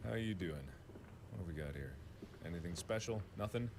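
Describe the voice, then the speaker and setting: A man's voice: sits low, lively intonation, fairly quick, noisy background. A man playing a horror game and talking to himself, chatty and joking as he explores. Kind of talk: casual solo game commentary.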